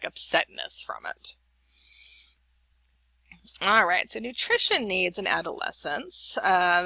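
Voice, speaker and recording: A woman's voice: lowish voice, bright, forceful tone, no room sound. A middle-aged woman giving a recorded college lecture in a chatty, anecdotal way, often checking in with "right?".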